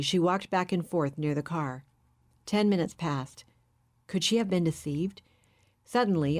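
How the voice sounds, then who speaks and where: A woman reading a novel aloud in steady, measured scripted narration. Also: sits low. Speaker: audiobook narrator.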